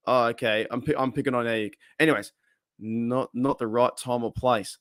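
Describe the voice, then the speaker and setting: A man's voice: mid-range voice, moderate pace, a bit bright, clean tone, no echo, studio quality. An Australian man hosting a casual live stream, rambling and chatting while reading viewers' comments aloud. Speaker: livestream host.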